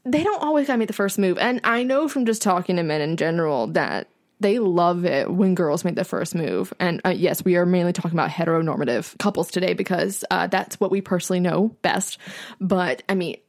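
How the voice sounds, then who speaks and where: A woman's voice: lowish voice, a little fast. A young woman co-hosting a podcast in casual chat, chatty and playful, with lots of fillers and laughter. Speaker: podcast co-host.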